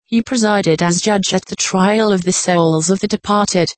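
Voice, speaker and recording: A woman reading an old nonfiction text aloud in a measured, formal narration. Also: mid-range voice, fairly even intonation, no room sound. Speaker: audiobook reader.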